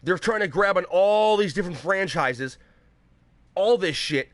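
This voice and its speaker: A young man rants on his own show, cursing constantly and mocking other people in sarcastic put-on quotes. His voice sits high and leaps all over the place as he gets worked up. The sound is close and dry, with no room around it. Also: expressive, unhurried, a bit bright, no echo. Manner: profane, exasperated ranting with sarcastic mock quotes. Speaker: show host. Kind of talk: ranting gaming commentary.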